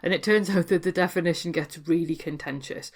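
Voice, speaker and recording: A woman's voice: on the low side, steady tone, a little fast. A woman with a Geordie accent hosting a podcast, talking through her topic in a chatty, explanatory way. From Newcastle, North East England. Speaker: podcast host. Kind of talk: podcast monologue.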